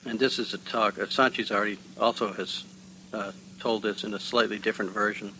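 A man reading spiritual texts and stories aloud at a gathering, measured, with hesitant asides. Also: on the low side, steady tone, pushed and bright, slight background noise, poor audio.

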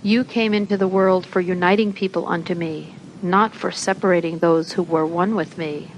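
A woman reading aloud the words of God in a slow, measured, solemn way, close to her own narrating voice. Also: lowish voice, fairly even intonation, slight background noise, natural voice, low-quality recording. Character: divine voice of God, patient and reproving.

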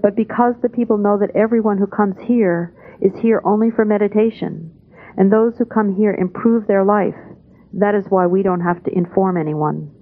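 A woman with a mid-range voice delivers a spoken translation of a spiritual talk, staying calm, measured and plain. The recording sounds like an old tape, tinny and phone-like.

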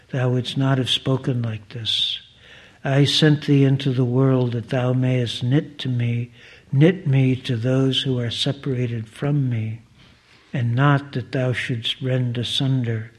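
God in a read-aloud parable , voiced by a man, solemn and reproving, slow, husky. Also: medium pitch, darkish tone. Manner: solemn, formal, old-fashioned speech.

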